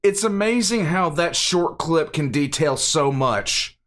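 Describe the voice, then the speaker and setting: Lively, sarcastic older man reacting. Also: a little high, unhurried. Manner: sarcastic, exasperated, laughs often. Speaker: reaction channel host. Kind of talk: casual reaction commentary.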